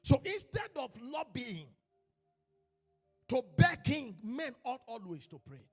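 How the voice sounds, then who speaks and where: A man preaching a sermon as a pastor, moving from quiet storytelling into shouted, chanted exhortation. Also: very high-pitched, big pitch swings, slow pace, slightly rough. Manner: preaching with rising shouts and chanted, sung phrasing. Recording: long hall reverb with faint music.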